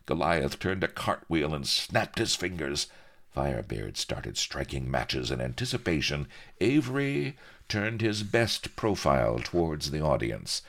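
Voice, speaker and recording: A man narrating an audiobook with a very deep, gravelly bass voice. He reads slowly and theatrically, with a dry, ironic playfulness and a lively rise and fall in his delivery.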